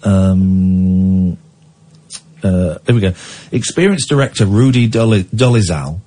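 A man's voice: low voice, slow, dark tone. A man hosting a radio phone-in, rambling and chatty, reading news items aloud with asides. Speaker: radio show host. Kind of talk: casual talk radio with listener calls.

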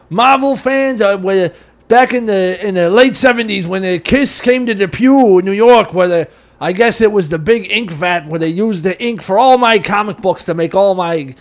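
A man in casual chat, excitedly telling profane local anecdotes with laughs. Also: sits high.

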